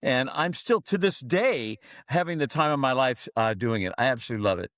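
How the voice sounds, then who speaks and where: A man's voice: mid-range voice, fairly quick, dry recording, studio quality. A middle-aged man telling stories as a guest on a podcast interview, acting out the voices of people in his anecdotes. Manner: animated storyteller, acts out dialogue. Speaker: guest, keynote speaker.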